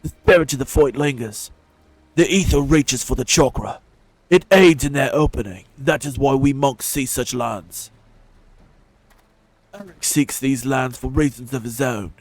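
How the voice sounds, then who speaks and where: A solemn, mystical monk mentor. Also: male voice, medium pitch, no echo, low-quality recording. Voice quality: measured, solemn delivery. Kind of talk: video game voice acting.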